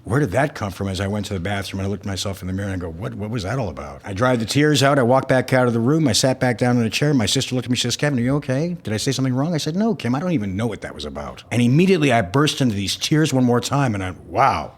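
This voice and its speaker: A man's voice: medium pitch, racing, few pauses. An older man, an actor being interviewed, telling stories about his life and acting out the dialogue in them. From snowy northern region of the country. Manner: animated storyteller, acts out quoted dialogue. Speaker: guest, actor. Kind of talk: interview storytelling.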